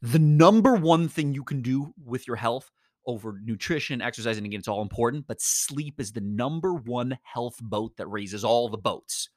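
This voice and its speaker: A man hosting a podcast, giving an energetic, rambling motivational talk full of slang. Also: medium pitch, moderate pace, no room sound, clean studio sound. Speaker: podcast host. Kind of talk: casual motivational monologue.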